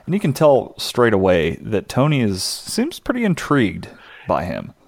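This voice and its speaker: Low-voiced laid-back podcast co-host man. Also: wildly swooping pitch, moderate pace, dry recording, clean studio sound. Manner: laid-back, hesitant with fillers. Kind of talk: casual chat recapping a TV episode.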